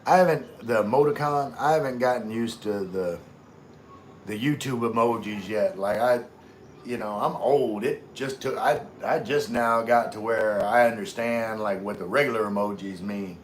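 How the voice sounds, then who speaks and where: A man's voice: lowish voice, moderate pace, slight background noise. Laid-back Louisiana man chatting live. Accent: Louisiana Southern US. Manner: laid-back, drawling, chatty, greets viewers by name. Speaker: livestream host. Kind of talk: casual live chat reading comments.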